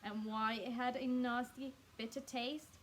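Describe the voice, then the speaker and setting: A woman's voice: steady tone, unhurried, a little hiss or hum, lightly acted. A woman voicing a nasty, spiteful old woman in a storybook reading, shrieking and screeching. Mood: gleeful spite. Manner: shrill, screeching.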